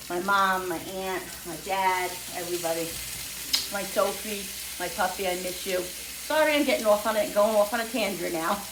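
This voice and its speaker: A woman hosting a home cooking video, talking in a rambling, chatty way with frequent self-corrections as she cooks. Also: medium pitch. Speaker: home cooking channel host. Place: home kitchen with sizzling pan. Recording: echoey kitchen, distant mic, frying noise.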